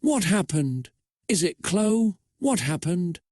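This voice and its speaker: A man's voice: on the high side, very animated, slow pace, darkish tone, no room sound, studio quality. A man reading out a bossy teenage girl who gives curt, demanding orders.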